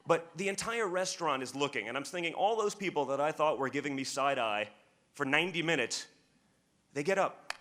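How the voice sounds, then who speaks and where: A man's voice: fairly high pitch, animated, fairly quick, bright, forceful tone. A man speaking at a political press conference. He tells a long, rambling anecdote and often repeats words as he starts sentences.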